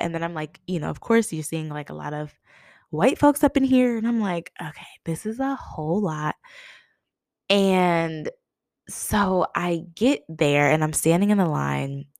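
A woman's voice: fairly low pitch, a little mellow, no echo. A young woman from Massachusetts telling a personal story casually, laughing often and quoting herself in a livelier voice. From Massachusetts, USA.

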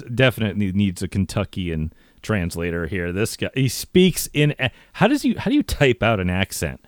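A man's voice: on the low side, very animated, moderate pace, dry recording, clean studio sound. A man hosting a casual podcast, wry and laughing often as he reads fan messages aloud. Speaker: podcast host.

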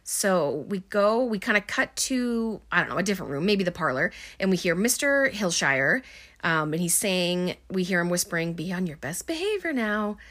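A woman's voice: lowish voice, animated, normal speed, fairly bright tone. Chatty woman recapping a film. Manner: chatty, many ums and likes, wry asides. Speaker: movie recapper. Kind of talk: casual spoken film recap.

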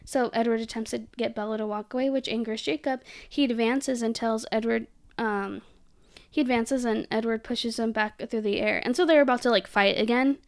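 A woman's voice: on the high side, steady tone, moderate pace. A young woman hosting a podcast, chatting casually and giggling as she recaps a film, with lots of "like" and "um". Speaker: podcast host.

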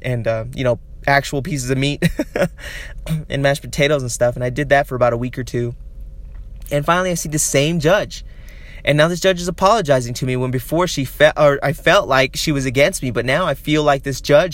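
A man telling a long personal story in a casual, rambling way, with many "you know"s, chuckles and throat-clearing. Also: mid-range voice. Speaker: guest recounting his experience.

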